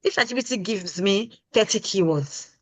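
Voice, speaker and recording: A woman's voice: mid-range voice, lively intonation, moderate pace. A woman guest in an interview, a product consultant explaining her approach emphatically and often asking "you understand?". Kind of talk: casual interview answer.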